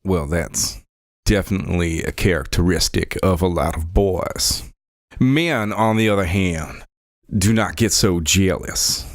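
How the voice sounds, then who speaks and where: A man playing a smooth-talking young rogue. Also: low voice, a little slow, no room sound, studio quality. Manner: put-on drawling accent. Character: young charming male rogue, polite and smooth. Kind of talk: tabletop role-play.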